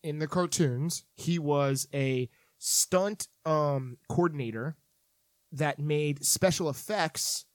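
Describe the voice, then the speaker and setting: A man's voice: fairly high pitch, slow pace, dry recording, clean studio sound. A man hosting a podcast, chatting casually with friends and rambling through lots of fillers. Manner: animated, rambling with many fillers. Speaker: podcast host.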